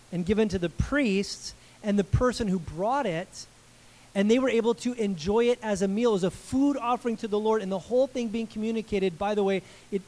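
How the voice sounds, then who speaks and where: A man in his forties, a pastor giving a sermon in a conversational, animated way, with asides to the congregation. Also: high-pitched, low-quality recording.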